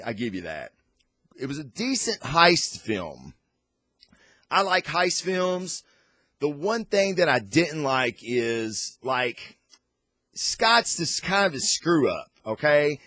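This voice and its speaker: A man hosting a casual comic and movie review, rambling and excitable, with lots of fillers and restarts. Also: on the high side, no room sound. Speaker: host.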